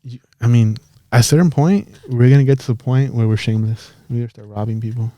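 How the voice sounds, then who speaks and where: A man's voice: medium pitch, fast, dry recording. A young man from Los Angeles co-hosting a podcast, telling stories in casual, profane chat and acting out quotes. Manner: profane, animated storytelling with acted-out quotes. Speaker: podcast co-host.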